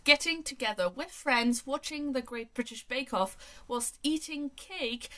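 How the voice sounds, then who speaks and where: A woman from France in her thirties, whose first language is French, chats through a list of questions in a vlog. Her voice sits a little high, and she sounds eager and friendly as she reads each question aloud before answering. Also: measured pace, pushed and bright. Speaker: book vlogger. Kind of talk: casual tag video answers.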